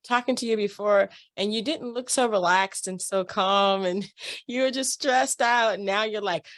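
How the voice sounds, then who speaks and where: A woman of middle pitch hosts a relaxed interview. She praises her guest often and laughs easily, with a steady, conversational delivery. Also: normal speed. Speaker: interview host. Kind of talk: casual interview.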